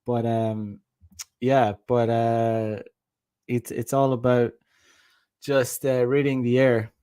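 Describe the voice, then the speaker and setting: A man's voice: mid-range voice, level tone, slow, warm tone, smooth. A young man giving dating advice in a casual, rambling monologue, with many restarts, acting out bits of dialogue.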